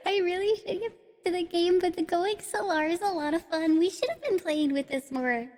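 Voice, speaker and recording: A woman streamer chatting casually through a high chipmunk voice changer, giggly and playful. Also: lively intonation, moderate pace, darkish tone, long reverb tail. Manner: giggly, playful, fiddling with settings. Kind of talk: casual live-stream chat.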